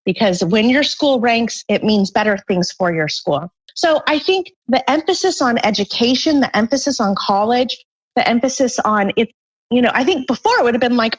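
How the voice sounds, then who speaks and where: A woman's voice: on the high side, big pitch swings, moderate pace, slightly rough, muffled recording. A woman author being interviewed, explaining her points earnestly in a conversational way. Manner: earnest, explanatory, acts out parents' voices briefly. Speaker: guest author.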